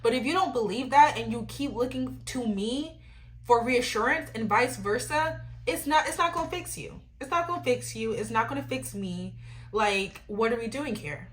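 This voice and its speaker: A young adult woman hosting a podcast, giving emphatic faith-based advice in a lively, ranting way, often asking "you know what I'm saying.". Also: a little high, moderate pace, slight background noise. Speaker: podcast host.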